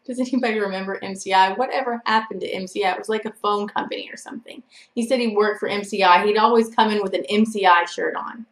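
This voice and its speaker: Woman vlogger, rambling storyteller, mid-pitched, echoey room. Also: fairly even intonation, quick pace, fairly bright tone. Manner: chatty and rambling, full of "like" and "you know". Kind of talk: casual storytelling to camera.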